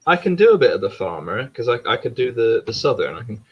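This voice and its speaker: A man's voice: mid-range voice, very animated, fast, breathy edge. Male host, casual chat, rambling and sweary, dull lo-fi mic. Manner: swears freely, rambling and chatty.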